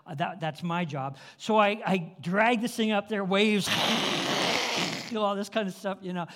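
A man preaching, telling a story in an animated way, with frequent restarts and chuckles. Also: sits high. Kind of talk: sermon storytelling.

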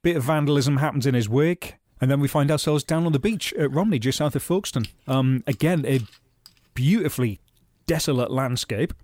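A man's voice: medium pitch, brisk, darkish tone. A British man co-hosting a podcast, reviewing a TV episode in casual chat with dry, wry humour. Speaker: podcast co-host.

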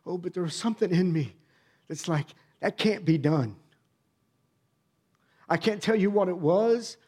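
This middle-aged pastor talks a little fast in a high-pitched voice as he preaches a personal testimony. He narrates conversationally, lowering to a hush and then rising to emphatic bursts.

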